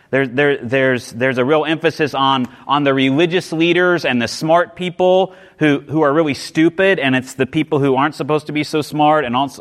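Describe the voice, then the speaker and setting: A man's voice: on the high side, fairly bright tone. Man preaching an emphatic sermon. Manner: emphatic preaching, repeats words and restarts phrases. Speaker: pastor.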